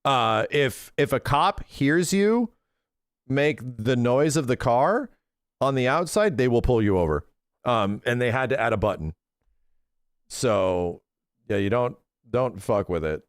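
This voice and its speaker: Excitable cursing male streamer. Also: medium pitch, measured pace, clear, resonant tone, dry recording, clean studio sound. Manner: excitable, profane, retells talks in quoted voices. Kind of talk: casual livestream chat.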